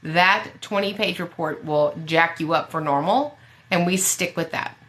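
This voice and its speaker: A woman special education advocate with a lower-pitched, punchy, bright-toned voice gives fiery advice on a live Q&A show. She's emphatic, blunt and sassy, firing off quick jokes.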